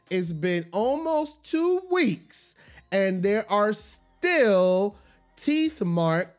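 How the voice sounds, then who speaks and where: A young man hosting a podcast, telling a personal story in an emphatic way and slowing down to stress words. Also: on the high side, smooth. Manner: emphatic, slows down to stress words when upset. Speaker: podcast host.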